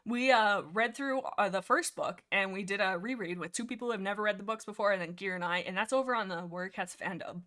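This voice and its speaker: A young woman hosting a livestream, chatting excitably about books with lots of fillers and restarts. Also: medium pitch, quick pace, few pauses. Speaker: livestream host. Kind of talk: casual rambling book discussion.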